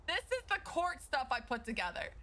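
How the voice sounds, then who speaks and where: A woman streamer chatting casually out of character to her viewers, animated, swearing freely and laughing through her frustration. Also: high-pitched, moderate pace, low-quality recording. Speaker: streamer playing a lawyer in roleplay.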